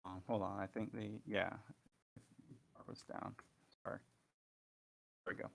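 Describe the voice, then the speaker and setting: A man's voice: on the low side, little pitch movement, a little slow, creaky. A man playing a tabletop game, narrating his character in a loose, hesitant way with many fillers. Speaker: player.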